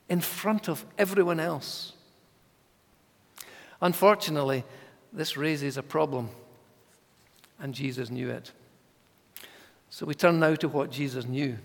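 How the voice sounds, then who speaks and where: A man preaching a sermon in a church, measured and emphatic, sometimes dropping his voice to a hush. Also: a little high, vocal fry, big-room sound.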